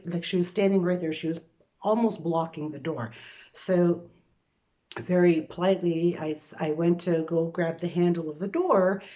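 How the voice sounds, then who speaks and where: A woman's voice: fairly low pitch, dark tone, highs cut off. A woman in her sixties from Canada, telling a personal story to camera in a chatty way, full of fillers and restarts, from her bedroom. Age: 60s. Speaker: vlogger.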